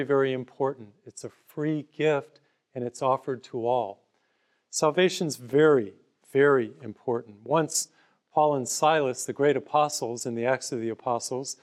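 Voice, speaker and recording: Speaking at normal speed in a mid-range voice, a man delivers a sermon over the air. His style is conversational and built on plain, everyday parables, and he tells listeners they can get free booklets.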